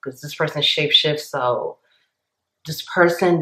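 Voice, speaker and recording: A woman's voice: sits low, moderate pace, a bit bright, reverberant, low-quality recording. A woman giving a casual channeled tarot reading, talking intensely and emphatically, with many restarts and fillers. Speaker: tarot reader.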